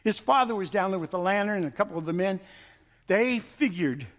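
A man with a notably high voice narrates a story to a live audience. He tells it in an animated way and acts out the quoted lines. A long reverb from the big hall trails each phrase. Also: brisk.

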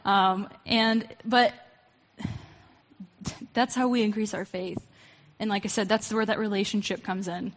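A woman's voice: mid-range voice, steady tone, unhurried, pauses often, big-room sound. A woman giving a casual, conversational sermon, reading verses and musing aloud with many fillers and asides. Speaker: preacher.

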